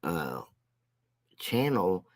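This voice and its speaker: A man giving a casual commentary rant as a vlogger, rambling and mocking, with halting restarts. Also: low-pitched, sing-song.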